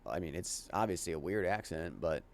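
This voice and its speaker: A lower-voiced man from the American South, streaming his reactions to videos in loose, casual commentary. He rambles, laughs often and swears offhandedly. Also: lively intonation, brisk, gravelly. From southern United States.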